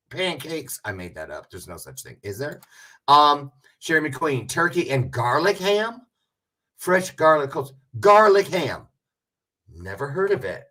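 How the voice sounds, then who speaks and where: A man's voice: fairly high pitch, fairly bright tone. A man hosting a casual livestream, chatting with viewers in a rambling, joking way with self-aware asides. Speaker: livestream host.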